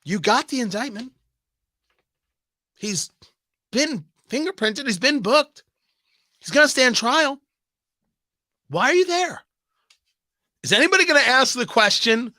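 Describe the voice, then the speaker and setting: Emphatic talk radio host, high bright voice. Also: male voice, animated, measured pace, long pauses, no echo, clean studio sound. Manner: emphatic, sarcastic, repetitive ranting with rhetorical questions. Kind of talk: political talk radio monologue.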